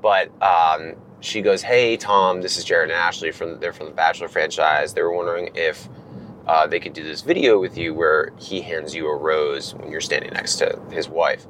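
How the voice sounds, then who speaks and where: A man in his thirties, animated, telling a long story in casual chat from a car and acting out the lines of others. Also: extremely low pitch, normal speed, slight background noise. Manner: animated, acts out quotes from others. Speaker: guest.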